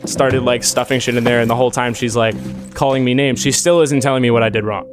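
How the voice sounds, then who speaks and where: A man recounts a personal encounter in loose, rambling speech, tossing in fillers and curses as he goes. His voice sits at an ordinary middle pitch, and a clear music bed plays beneath him. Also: steady tone, fast talker. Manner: rambling and shaken, full of "like" fillers and swearing. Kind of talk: casual spoken storytelling. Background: eerie music bed.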